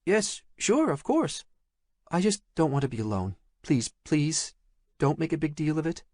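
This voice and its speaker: A male narrator voicing a shy, frightened young woman who speaks softly and hesitantly in an audiobook. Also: on the high side, lively intonation, moderate pace, dry recording, clean studio sound, pitched above the performer's own voice. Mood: anxious pleading. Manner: soft, pleading, hesitant. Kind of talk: audiobook character voice.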